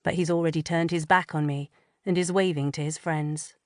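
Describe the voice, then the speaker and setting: A woman reading a first-person audiobook in an expressive, measured way on a close studio mic. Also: deep voice, no echo. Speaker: audiobook narrator.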